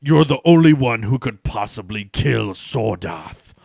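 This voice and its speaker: A booming strongman hero, as a man reads him out explains things in loud, emphatic lines. The pace is slow and the voice has a gravelly edge. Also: expressive, dry recording, studio quality. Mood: earnest.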